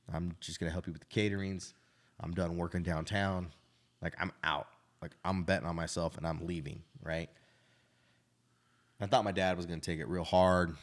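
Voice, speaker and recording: A man in his thirties, a restaurant owner, telling his life story in casual, frank conversation and often adding "right?". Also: deep voice. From Idaho.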